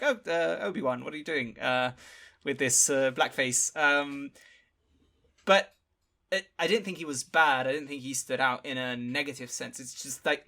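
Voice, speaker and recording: A man with a bright, forward voice talks through a film on a podcast. He often stops, restarts and fills gaps with small sounds as he thinks. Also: a little high. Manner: halting, many fillers and restarts. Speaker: podcast panelist. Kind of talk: casual film discussion.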